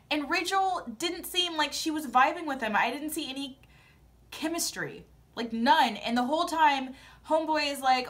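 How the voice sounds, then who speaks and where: A young woman with a high voice chats casually to her camera as a vlogger. Her delivery is sassy, animated and opinionated, full of quick reactions. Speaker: vlogger recapping a TV show. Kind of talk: casual chat.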